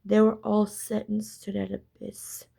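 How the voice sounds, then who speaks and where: With a medium-pitched voice that is gravelly, mellow, and breathy at the edges, a woman talks to her viewers in a casual story-time monologue as a spiritual storyteller. Her delivery is completely flat and unhurried, yet the content is intense and emphatic, with repetition and swearing.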